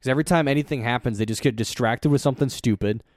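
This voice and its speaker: A man co-hosting a podcast in casual profane chat, blunt and mocking, often doing quick put-on voices. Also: mid-range voice, no room sound, studio quality. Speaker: podcast co-host.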